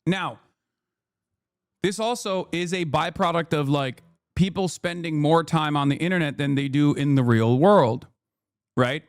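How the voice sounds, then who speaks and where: A man's voice: a little high, a little slow, no echo, clean studio sound. A man, ranting and swearing as he comments on a livestream. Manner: heated, ranting, swears often. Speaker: streamer.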